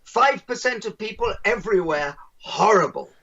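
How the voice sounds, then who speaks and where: A man's voice: sits high, lively intonation, moderate pace, pushed and bright, distant mic, heavily acted. A man voicing a stubborn German man with a German accent who argues back bluntly, on a dull lo-fi recording.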